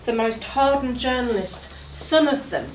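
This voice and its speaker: A woman's voice: a little high, expressive, unhurried, voice pushed up. A woman writer reading the part of a shaken journalist in an earnest, reflective stage monologue. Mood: sombre. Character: shaken newspaper journalist after an air crash. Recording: roomy, distant mic, faint noise.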